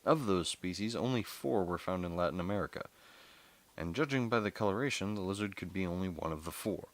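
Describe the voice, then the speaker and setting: Deep-voiced man reading a novel aloud. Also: a little fast. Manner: steady reading with occasional stumbles and self-corrections.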